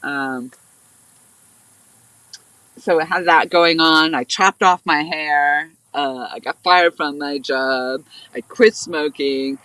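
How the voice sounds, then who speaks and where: A woman's voice: deep voice, slow, pauses often, bright, forceful tone, dry recording, low-quality recording. A woman hosting a fishing livestream, chatting in a rambling, casual way and sounding stuffy and nasal from blocked sinuses. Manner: rambling, chatty, laughs often. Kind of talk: casual live-stream chat. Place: outdoors by a river.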